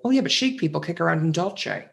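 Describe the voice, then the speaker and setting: A man's voice: on the high side, animated, quick pace, vocal fry. A man co-hosting a podcast in casual chat, campy, witty and opinionated. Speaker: podcast co-host.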